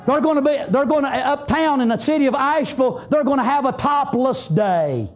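A man preaching a fiery sermon in a church, punctuating it with shouted amens. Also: extremely high pitch, animated, brisk. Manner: emphatic, shouting refrains, frequent amens. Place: church sanctuary.

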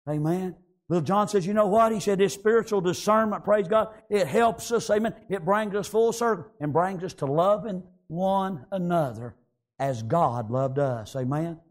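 High-voiced fervent male preacher. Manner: fervent preaching, rising into shouts, frequent "amen" and "praise God"; reads scripture in slow King James phrasing. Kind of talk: sermon.

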